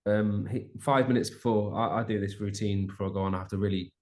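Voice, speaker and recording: A man's voice: lowish voice, steady tone, fast, a little mellow. A young adult man, a musician guest chatting casually in an interview, rambling with many restarts and fillers.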